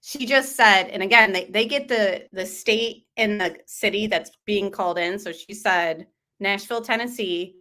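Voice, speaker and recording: A woman's voice: mid-range voice, moderate pace, sharp tone. A woman talks through a replayed call-in show in a loose, chatty way. She reacts to her live chat as she goes, in an ordinary mid-range voice. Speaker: true crime channel host. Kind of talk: commentary over a replayed call-in stream.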